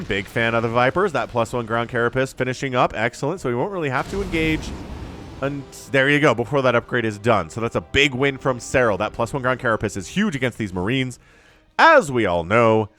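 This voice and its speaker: A man calls a strategy match on his own, quick to get excited and prone to joking asides. He talks straight to his viewers in an ordinary mid-range voice. Faint music plays quietly under his commentary. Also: mid-range voice. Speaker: esports caster. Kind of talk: solo play-by-play game commentary.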